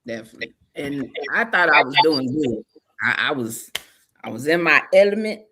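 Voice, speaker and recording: Lively low-voiced woman, bright tone. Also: normal speed, slight background noise. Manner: open, personal storytelling. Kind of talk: casual podcast conversation.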